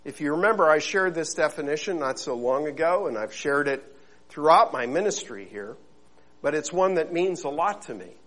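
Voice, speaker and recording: Earnest high-voiced male pastor. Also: lively intonation, normal speed, fairly bright tone, poor audio. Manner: earnest, conversational, frequent fillers and restarts. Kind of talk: sermon with opening prayer.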